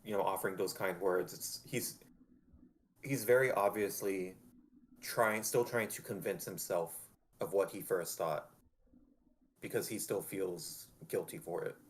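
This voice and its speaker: Low-voiced man explaining his character thoughtfully. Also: unhurried. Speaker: tabletop role-play player. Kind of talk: describing his character at a game table.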